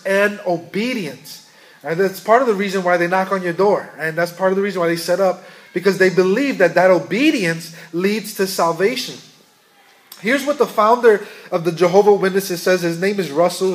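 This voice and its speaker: A male pastor with a notably high voice delivers a sermon. He speaks earnestly and keeps turning to the congregation with questions.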